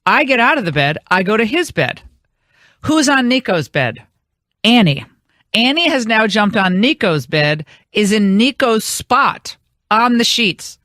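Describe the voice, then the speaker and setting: A woman's voice: a little high, big pitch swings, measured pace, a bit bright, no room sound, studio quality. A woman hosting a radio talk show, telling a long rambling anecdote in casual on-air chat. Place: radio studio.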